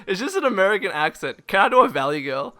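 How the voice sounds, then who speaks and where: A man's voice: sits high, big pitch swings, quick pace, bright, forceful tone. A man co-hosting a casual podcast, flustered and giggling often. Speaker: podcast co-host.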